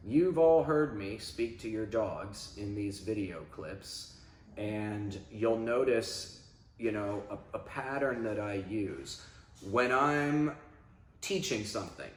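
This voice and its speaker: A man, a dog trainer, explaining handling in a casual instructional talk, breaking into loud, animated demonstrations of commands. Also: lowish voice, slow, echoey room.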